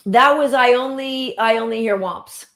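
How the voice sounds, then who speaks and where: A woman's voice: on the high side, normal speed, a bit bright. Lady hosting, chill and chatty, reads the comments, roomy echo on her. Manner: laid-back, reads viewer comments aloud. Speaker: host. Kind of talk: casual chat. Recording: echoey room.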